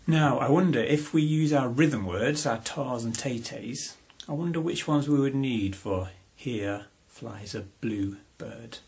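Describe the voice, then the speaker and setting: A man leads a home music lesson for a small child, keeping his tone encouraging and sing-song. His voice carries a gravelly edge at a middling pitch. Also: lively intonation, measured pace, darkish tone. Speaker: parent teaching music to a child.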